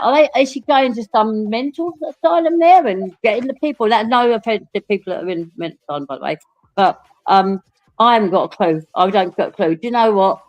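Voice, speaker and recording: A woman's voice: medium pitch, animated, fairly quick. Essex woman, talkative panel guest, loose and laughing. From England. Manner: chatty, laughs often, swears casually. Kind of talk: casual livestream chat.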